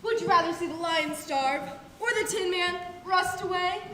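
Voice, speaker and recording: A woman playing a cruel, gloating wicked witch in a children's stage play, menacing and shouting threats, recorded from far off in an echoey hall with an audience. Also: very high voice, normal speed, slight background noise. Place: school auditorium stage with live audience.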